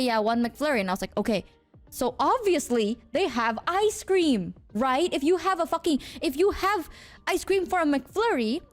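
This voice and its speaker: A young woman from Indonesia, a streamer telling a story to her chat in a casual, animated way, swearing often. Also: high-pitched. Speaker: VTuber streamer.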